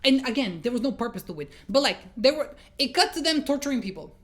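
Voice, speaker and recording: Her voice is high and fast as she reviews a film informally, cursing in exasperation. She acts out the scenes she describes with animated energy.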